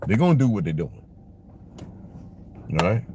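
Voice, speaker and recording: A man with a voice talks from inside a car, blunt and profane. His monologue wanders from point to point. The car's road noise is clearly heard under him. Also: lowish voice, very animated, normal speed, dark tone. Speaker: vlogger. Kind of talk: casual monologue while driving. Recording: noisy car interior.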